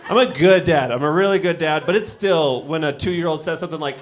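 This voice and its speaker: A man's voice: fairly high pitch, fairly quick, hardly any pauses. A man in his thirties doing a casual stand-up set on a comedy club stage with a handheld mic, talking in a laid-back, rambling way. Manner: laid-back, conversational, lots of "like" and "you know". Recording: noisy live club recording. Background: audience laughter and club ambience.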